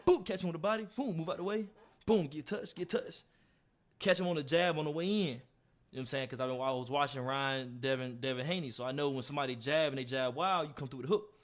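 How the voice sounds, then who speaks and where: An animated young man. His voice sits a bit high for a man, and he laughs and throws in punch sounds as he tells a boxing story. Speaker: streamer.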